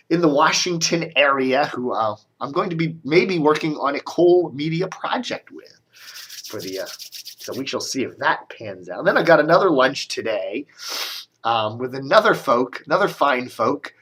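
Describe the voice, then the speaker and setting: A man's voice: medium pitch, a bit bright, a little hiss or hum. A man giving a casual, rambling media commentary, grumbling and sarcastic, with coughs and restarts. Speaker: media blogger doing a video commentary.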